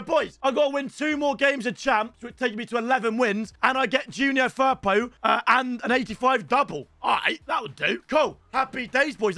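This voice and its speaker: A young man commentating live on his own gameplay as a streamer, excitable and swinging between hype and groans. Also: extremely high pitch, no echo. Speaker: gaming streamer.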